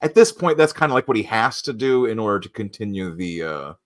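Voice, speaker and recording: A man with a low voice in a casual chat. He rambles loosely, laughs a lot and slips into other people's voices to retell a story. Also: big pitch swings, a little fast. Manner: rambling, laughs often, acts out quoted people. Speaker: podcast host.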